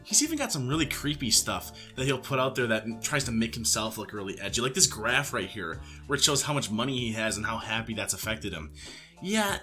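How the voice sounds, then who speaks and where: A man's voice: medium pitch, sing-song, fairly quick, bright, forceful tone, soft background music. A man giving mocking, sarcastic commentary as he reacts to posts. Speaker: YouTube commentator.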